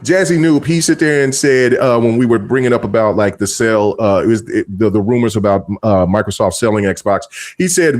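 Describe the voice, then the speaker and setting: A man's voice: on the low side, a little fast, hardly any pauses. A man hosting a casual gaming podcast, talking in long rambling stretches full of restarts and fillers. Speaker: podcast host.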